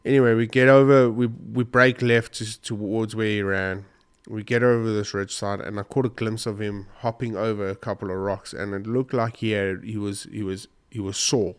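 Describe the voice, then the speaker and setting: Speaking to the camera, this man recounts a hunt in a loose, casual way, often starting over as emotion gets the better of him and he sniffles. His pitch is fairly low and steady, his pace normal, and his tone clear and resonant.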